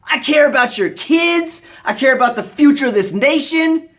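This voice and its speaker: An American vlogger delivering an angry rant to the camera, blunt and profane, scolding the viewer with bursts of shouting. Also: high voice, expressive, moderate pace.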